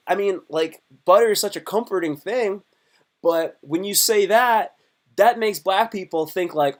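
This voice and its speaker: A man comedian chatting on a live stream in a rambling way, repeating himself and swinging between loud bursts and low mutters. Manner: slips into quick put-on voices. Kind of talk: casual live-stream chat.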